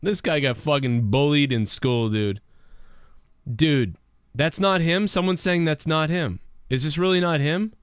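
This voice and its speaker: A man's voice: a little high, unhurried, clear, resonant tone, no room sound, clean studio sound. A man hosting a livestream show, ranting in a brash, profane, rambling way. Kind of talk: ranting live commentary.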